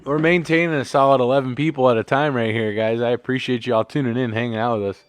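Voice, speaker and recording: A man's voice: mid-range voice, steady tone, fast talker, clean tone, no room sound. A man hosting a casual live sports commentary stream, joking and swearing as he rambles, a bit tipsy from drinks. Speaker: livestream host.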